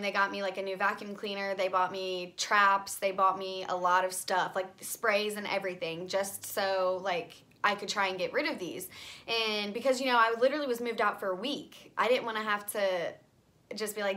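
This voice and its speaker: Chatty young woman, bright voice. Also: medium pitch, normal speed. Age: young adult. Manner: rambling, filler-heavy, frequent "like" and "you know". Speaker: vlogger. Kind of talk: casual storytelling to camera. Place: home bedroom.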